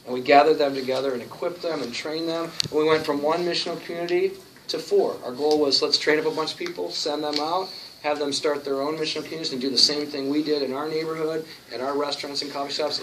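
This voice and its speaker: Storytelling pastor, distant and hissy. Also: male voice, a little high. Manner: storytelling, animated, acts out quotes. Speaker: church planter and pastor. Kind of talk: conference talk. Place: conference room. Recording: distant mic with noticeable hiss.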